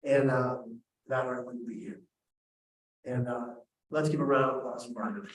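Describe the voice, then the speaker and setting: A man hosting an event and telling a comic, self-deprecating story, with an animated, quick delivery. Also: medium pitch, a little hiss or hum. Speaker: keynote speaker, host. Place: large event hall. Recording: echoey hall from far off.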